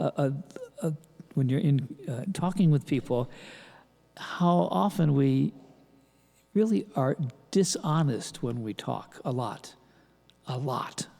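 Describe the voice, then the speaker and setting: An older man preaching a sermon as pastor, halting with restarts and rhetorical questions. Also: fairly high pitch, gravelly, mellow. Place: large church. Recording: long church reverb.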